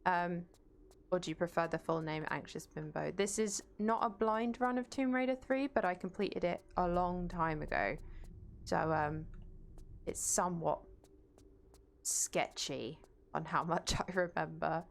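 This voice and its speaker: A woman's voice: fairly low pitch, a little slow, vocal fry. A woman streaming a game from home without a webcam, chatting casually and reading out and greeting her viewers. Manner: chatty, greets viewers and reads chat aloud. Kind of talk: casual live-stream chat while gaming. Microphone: desk mic, no webcam.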